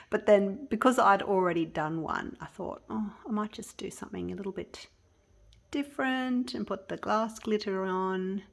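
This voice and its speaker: A woman hosting a casual resin craft tutorial vlog from her home workspace, chatting to viewers as she works and often restarting her sentences. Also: medium pitch. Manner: chatty, talks to viewers while working, often trailing off and restarting. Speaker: resin craft channel host.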